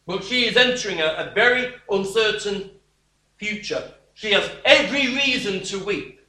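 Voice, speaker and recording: A man preaching a sermon slowly and emphatically, dropping at times to a quiet voice. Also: high-pitched, lively intonation. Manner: slow, emphatic preaching with sudden drops to a quiet voice. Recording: echoey room.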